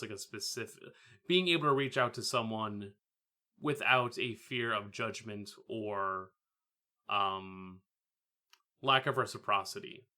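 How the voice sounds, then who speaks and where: Bright-voiced man, thoughtful chat. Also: medium pitch. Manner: thoughtful, measured, hesitant starts. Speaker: podcast co-host. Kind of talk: casual chat about anime.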